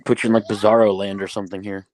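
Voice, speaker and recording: A man co-hosting a casual sports podcast, halting and searching for words with ums. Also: lowish voice, little pitch movement, darkish tone, poor audio.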